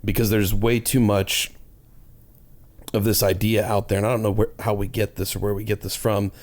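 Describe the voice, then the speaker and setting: A man co-hosting a podcast talks through his ideas earnestly, in a casual, explanatory way. His voice sits low and stays fairly level in pitch. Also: flat delivery, normal speed, a little mellow. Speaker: podcast co-host.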